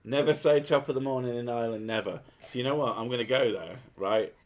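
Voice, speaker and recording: A man's voice: mid-range voice, quick pace. A man with a Home Counties English accent, talking casually on a podcast, wry and joking, with some swearing. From Home Counties, England. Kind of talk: casual chat.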